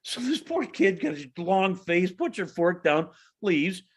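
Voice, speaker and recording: A man in his forties, a hockey radio broadcaster, telling a story on a casual podcast with lively, halting restarts. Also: high-pitched, husky.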